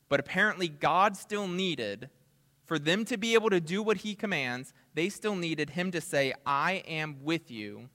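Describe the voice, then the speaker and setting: A man preaching a sermon as pastor, earnest, building to emphatic peaks and dropping to soft asides. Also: on the high side, big-room sound. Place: church sanctuary.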